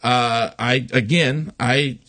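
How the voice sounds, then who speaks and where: A man's voice: medium pitch, steady tone, takes it slowly, sharp tone, no echo. Rambling man telling a story, dry sound. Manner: rambling storyteller with many fillers and swearing. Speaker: podcast host. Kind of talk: casual chat.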